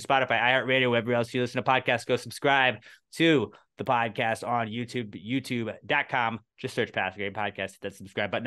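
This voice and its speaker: A young adult man co-hosting a podcast in casual, laid-back talk, swearing freely and speaking warmly to listeners. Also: mid-range voice, smooth. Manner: laid-back, profane, heartfelt. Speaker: podcast co-host.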